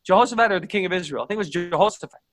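A man preaching a sermon earnestly, stumbling over restarts as he tells stories to his congregation. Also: high voice. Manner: earnest, halting, many restarts.

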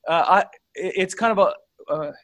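In a dry recording, a preacher with a high, fairly bright voice speaks earnestly to his congregation. He tells stories haltingly, frequently stumbling and starting his sentences over.

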